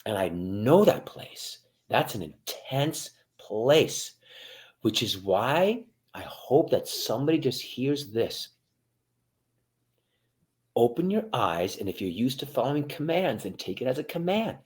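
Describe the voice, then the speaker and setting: A military veteran guest giving motivational interview talk, addressing listeners directly and swinging from hushed to loud. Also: male voice, mid-range voice, big pitch swings, unhurried.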